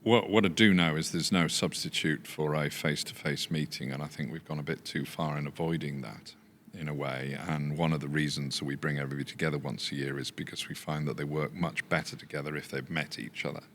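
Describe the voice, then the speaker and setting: A very deep male voice with a posh English accent. He tells stories in a relaxed, anecdotal way, laughing often and swearing freely. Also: fairly quick, few pauses, slight background noise. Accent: posh English, not typical Yorkshire. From England. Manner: storytelling with frequent laughter and swearing. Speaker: podcast guest, business founder. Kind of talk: casual anecdotal chat.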